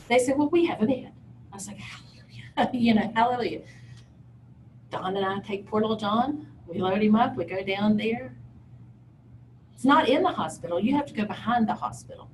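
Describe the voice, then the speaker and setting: Emotional woman telling a personal story. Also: fairly high pitch. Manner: emotional, candid storytelling with dramatic asides. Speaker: parent sharing a recovery story. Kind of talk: personal testimony talk. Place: event talk room. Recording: distant mic with faint background noise.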